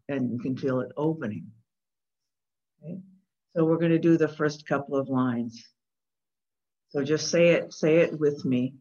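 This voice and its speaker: An instructor leading a call-and-response pronunciation lesson, patiently explaining step by step and chanting syllables slowly and evenly. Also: medium pitch, a little mellow. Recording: dull lo-fi recording.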